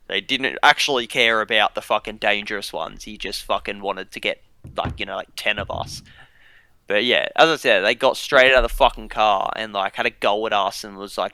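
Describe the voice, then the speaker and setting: Young Aussie male co-host, rambling sweary storyteller, crisp bright voice. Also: on the low side, a little fast, no echo. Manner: sweary, filler-heavy storytelling. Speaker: podcast co-host. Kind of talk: casual storytelling chat.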